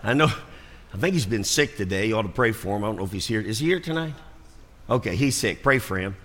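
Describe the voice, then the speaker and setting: A man's voice: fairly low pitch, lively intonation, fast talker, fairly bright tone. A man preaching a sermon, telling stories animatedly and acting out the voices of the people in them. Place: church sanctuary. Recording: long church reverb.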